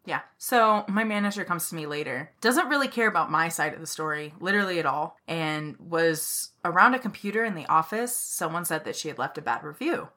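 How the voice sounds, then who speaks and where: A woman's voice: on the low side, brisk, hardly any pauses, pushed and bright. A young woman co-hosting a podcast, telling a story in casual chat, laughing often and swearing freely. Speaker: podcast co-host.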